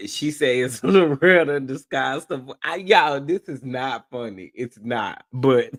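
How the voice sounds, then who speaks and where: A man's voice: mid-range voice, takes it slowly. A man hosting reaction commentary, incredulous and amused, laughing often as he talks. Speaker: commentary host.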